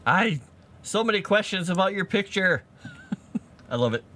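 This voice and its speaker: A man chatting casually with his live-stream audience while writing fantasy lore, animated and quick to laugh. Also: sits high, slight background noise. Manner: animated, chatty, laughs often, talks to chat.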